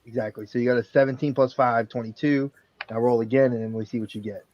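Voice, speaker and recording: A man's voice: medium pitch, fairly even intonation, fast, highs cut off, slight background noise. A man playing a tabletop game, checking the rulebook aloud and explaining rules with casual swearing. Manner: rules-focused, profane, flips through rulebook aloud. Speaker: player.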